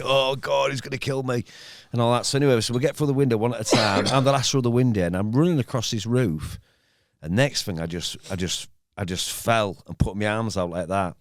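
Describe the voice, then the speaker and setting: A middle-aged man with a Hull accent, telling animated, rambling stories in a casual podcast chat. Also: no echo, studio quality. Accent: Hull, East Yorkshire. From Hull, England. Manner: animated, rambling storyteller with sudden pitch jumps. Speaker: podcast host.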